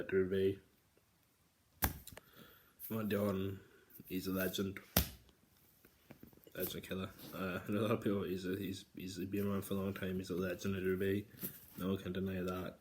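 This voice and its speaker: A young man, talking casually to camera in a vlog Q and A, swinging between hushed mock-serious musing and loud, excited chatter. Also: sits low, slight background noise. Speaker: YouTuber.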